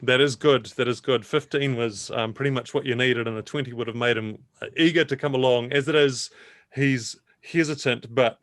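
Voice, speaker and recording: A man narrating a tabletop game as dungeon master in a measured, descriptive way. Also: mid-range voice, fairly even intonation, a bit bright, dry recording.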